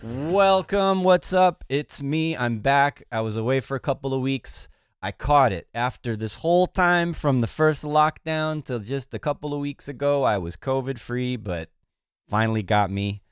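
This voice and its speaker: A man hosting a music production livestream, congested and low on energy, talking in a relaxed, rambling way with many fillers. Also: measured pace, clear, resonant tone, no room sound, clean studio sound. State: congested, recovering from illness. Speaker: livestream host. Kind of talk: casual livestream chat.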